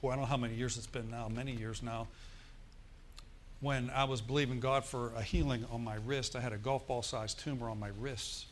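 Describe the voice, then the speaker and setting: This man's mid-range voice moves briskly over a faint hiss or hum. He's a pastor preaching, trading call-and-response with the congregation as he tells lively stories and performs forced laughter.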